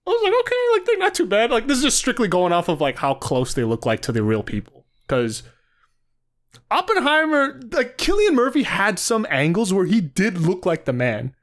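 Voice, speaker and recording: A man's voice: high-pitched, huge pitch swings, moderate pace. A man co-hosting a podcast in casual chat, rambling with many fillers and frequent laughter. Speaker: podcast co-host.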